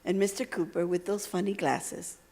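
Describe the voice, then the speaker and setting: A woman from Texas giving a motivational speech at a university, telling stories with emphatic phrasing and dramatic pauses. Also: fairly low pitch, fairly even intonation, dark tone. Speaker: motivational speaker. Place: university lecture hall.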